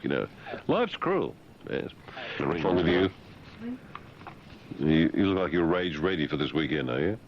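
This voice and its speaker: A sardonic man hosts talk radio, teasing his guests with mock condescension. His voice is very deep, yet it swings widely in lively up-and-down pitch. The broadcast sounds slightly muffled, with faint noise underneath. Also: a little fast. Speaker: radio host.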